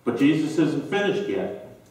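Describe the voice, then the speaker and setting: A male pastor preaching a sermon, slow and emphatic with dramatic pauses, recorded in a church sanctuary. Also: a little high, sing-song, darkish tone. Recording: very echoey church from a distance.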